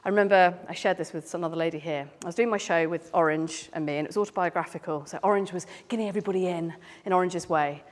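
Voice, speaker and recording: A woman's voice: fairly low pitch, quick pace, few pauses. A British woman, a clown and speaker, chatting playfully with a live audience as she answers their questions. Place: large hall at a live event. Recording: long hall reverb.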